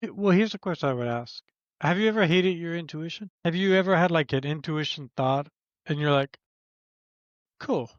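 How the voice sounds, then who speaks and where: Animated, cursing man telling a story. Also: on the high side, fairly quick, no room sound, muffled recording. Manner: animated storyteller, swears freely, acts out quoted dialogue. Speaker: podcast co-host. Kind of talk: casual chat.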